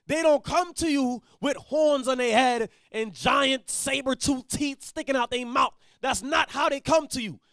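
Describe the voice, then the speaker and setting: A man leading a Bible reading and preaching bluntly, dropping to low mutters, then shouting his points. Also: no echo, studio quality. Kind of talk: street-style Bible teaching.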